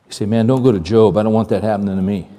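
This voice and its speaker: A male pastor preaching a sermon in a conversational, animated way, repeating phrases and asking the congregation questions. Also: lowish voice, very fast. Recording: long hall reverb.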